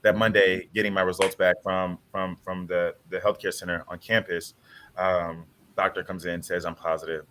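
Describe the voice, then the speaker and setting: A man's voice: deep voice, little pitch movement, normal speed, background noise. A man on a panel telling a personal story in an earnest, heartfelt way over a video call. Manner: earnest, heartfelt retelling with quoted dialogue.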